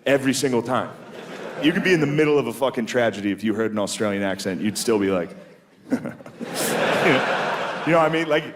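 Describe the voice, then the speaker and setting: A man in his thirties doing stand-up, his talk loose and crude, full of swearing and self-mockery. His voice sits at an ordinary pitch for a man. Loud audience laughter and room noise sit behind his handheld stage mic. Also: lively intonation, fast, pauses often. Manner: casual, swearing, self-deprecating, drops into silly voices. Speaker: stand-up comedian. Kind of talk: stand-up routine. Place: comedy club stage. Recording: live club recording, loud audience laughter.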